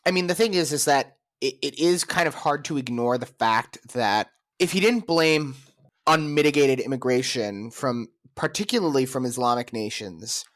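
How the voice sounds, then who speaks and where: A male podcast host argues his views in loose, opinionated chat. His voice is medium in pitch and recorded close and dry, with no room echo. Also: expressive, normal speed, fairly bright tone. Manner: opinionated, argumentative. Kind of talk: casual chat.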